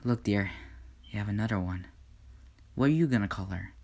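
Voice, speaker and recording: A man voicing God as a soft-spoken, unsure fatherly deity, speaking in a hushed, half-whispered tone with slow, pondering hums in an amateur fan story. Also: fairly low pitch, gravelly.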